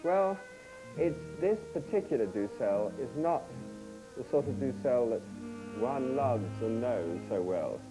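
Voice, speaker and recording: A man hosting a cooking show, tossing off wry, teasing asides to his studio audience. His pitch bounces animatedly. Music plays in the background of this old broadcast. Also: lively intonation, unhurried, poor audio. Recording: archival TV broadcast.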